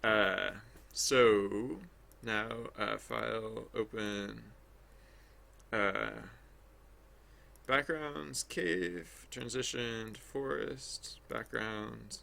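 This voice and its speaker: A man's voice: fairly low pitch, extremely slow, creaky, sharp tone, slight background noise. A man streaming his game development work, chatting casually and rambling as he thinks aloud. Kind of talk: casual livestream commentary while working.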